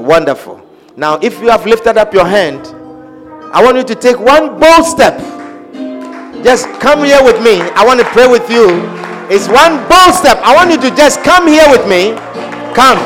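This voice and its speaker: Fervent high-voiced male preacher. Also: fairly bright tone. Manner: fervent, repetitive, speaks in tongues; leads call-and-response prayer. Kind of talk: altar call sermon.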